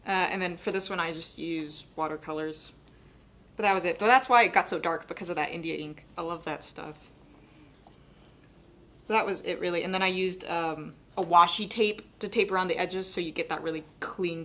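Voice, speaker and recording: A young adult woman giving a live painting demonstration, talking quickly and chattily and laughing often. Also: fairly low pitch, a bit bright. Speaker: painting instructor.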